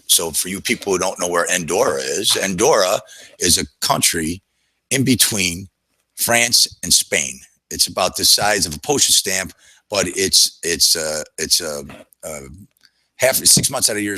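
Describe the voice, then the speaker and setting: Man, low voice, bright and forceful, rambling storyteller, dry close sound. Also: normal speed, no echo, poor audio. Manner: rambling, with frequent fillers and restarts. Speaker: trader telling a story to an audience. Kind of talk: casual storytelling.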